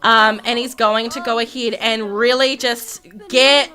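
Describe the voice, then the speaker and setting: Young woman, gaming commentary, high voice, bright tone, gasps, repeats herself. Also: fairly even intonation, unhurried. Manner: dramatic, gasping, repeats herself, acts out characters' quarrels. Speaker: gaming video host. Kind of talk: excited let's-play commentary.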